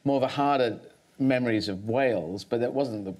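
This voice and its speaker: A man's voice: mid-range voice, fairly quick, darkish tone. A man as a guest on a talk show, speaking thoughtfully, rambling, with many restarts.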